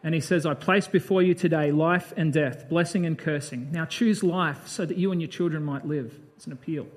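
A man's voice: fairly high pitch, normal speed. A man giving a conversational Bible sermon, breaking off from the reading to comment in a chatty, reflective way. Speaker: preacher.

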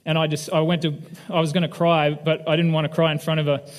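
Candid pastor with a fairly high voice. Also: male voice, level tone, quick pace. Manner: candid, self-deprecating, asks the audience questions. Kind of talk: conversational sermon with personal story. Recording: long reverb of a large hall.

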